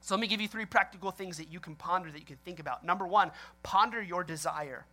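Animated male pastor preaching a sermon. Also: high-pitched, quick pace. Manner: animated storyteller who laughs often and acts out reactions.

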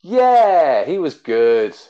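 A man's voice: fairly high pitch, sing-song, drawn-out words. A man hosting a casual geek chat podcast, talking animatedly and laughing often. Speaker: podcast host. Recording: dull lo-fi sound.

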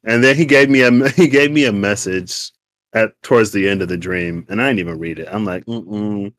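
A man's voice: lowish voice, fairly quick, no room sound. Playful man in casual chat, dry close sound. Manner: animated, playful, laughs often. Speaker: podcast co-host.

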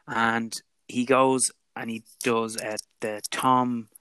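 A man's voice: medium pitch, slow pace, smooth, dry recording. A man, chatting animatedly about films as a podcast co-host. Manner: animated, chatty, Irish turns of phrase. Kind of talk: casual film chat. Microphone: remote call mic.

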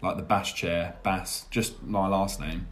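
A man's voice: sits low, steady tone, slow. A young man hosting a podcast, chatting in a rambling, jokey and self-deprecating way. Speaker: podcast host. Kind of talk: casual chat.

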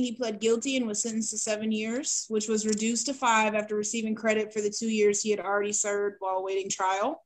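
Podcast lady reading stuff out, kinda high voice, slow with ums. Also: low-quality recording. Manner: measured, hesitant with ums. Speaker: podcast co-host. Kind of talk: reading search results aloud.

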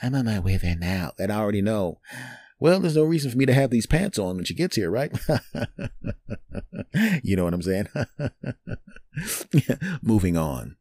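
Animated, jokey man telling stories. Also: lowish voice, normal speed, pauses often, dry recording. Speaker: podcast host. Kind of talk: storytelling monologue.

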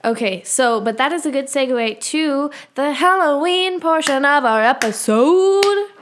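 A young woman co-hosts a laid-back podcast in a slightly high voice. Her humor is dry and deadpan, and she teases her friend in easy, casual talk. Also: a little slow. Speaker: podcast co-host. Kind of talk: casual chat.

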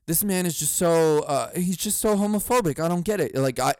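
Guy doing a high-pitched, smooth, snooty celebrity host lady, bossing staff around with contempt. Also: animated, fairly quick, darkish tone, lightly acted. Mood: whiny, berating. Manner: snide, contemptuous, mock-sweet then berating. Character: impression of a famous TV host woman, haughty, abusive boss.

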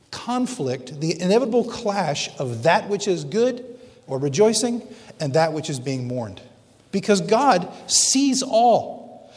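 A man preaching a sermon dramatically, slowing down for emphasis. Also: sits high, darkish tone. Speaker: pastor. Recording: long reverb of a large hall.

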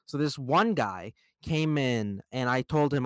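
A young man hosting a podcast, telling stories about bad customers in a casual, profane and animated way. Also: medium pitch, measured pace, hardly any pauses, smooth, no echo. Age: young adult. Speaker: podcast host. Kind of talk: casual chat.

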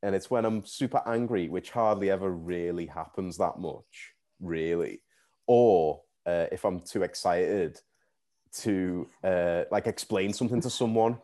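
A man's voice: deep voice, unhurried, dark tone. A man, co-hosting a podcast in casual chat, rambling and laughing often, with an occasional stammer. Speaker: podcast co-host.

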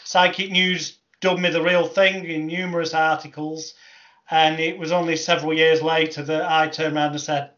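Brief: male interviewer with a higher, bright, tense tone, measured delivery, lo-fi sound. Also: little pitch movement. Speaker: interviewer, former fake psychic. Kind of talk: conversational recounting.

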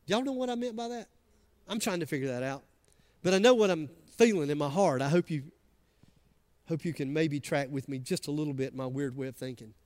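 A man with a Southern US accent preaching a sermon, chatting with the congregation between soft asides and loud emphatic lines. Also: fairly high pitch. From American South. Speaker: pastor.

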